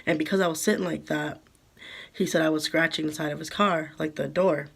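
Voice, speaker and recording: Young woman with a gravelly, halting voice. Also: low voice, steady tone. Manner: halting, many fillers like "um" and "like". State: emotional, holding back tears. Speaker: vlogger. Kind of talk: storytime vlog.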